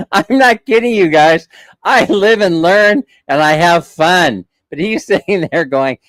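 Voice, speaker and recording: A man's voice: high-pitched, animated, takes it slowly, a bit bright, no room sound, low-quality recording. A man hosting a live stream, telling a long story in a chatty, jokey way and laughing along. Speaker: vlog host.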